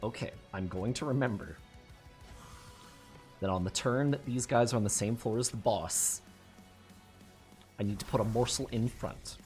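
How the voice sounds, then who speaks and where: A man's voice: on the low side, normal speed, pauses often, darkish tone, faint music behind. A man giving casual let's-play commentary on a card game, swearing often and laughing at his own mistakes in frustration. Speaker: gamer playing a card game.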